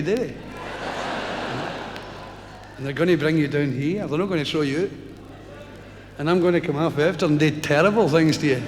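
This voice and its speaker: Rowdy Scottish comedian in a hall. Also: male voice, on the high side, moderate pace, long pauses. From Scotland. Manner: broad, rowdy, bantering with the crowd. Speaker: stand-up comedian. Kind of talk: live stand-up storytelling. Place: large concert hall, live. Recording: echoey live concert hall recording. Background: audience.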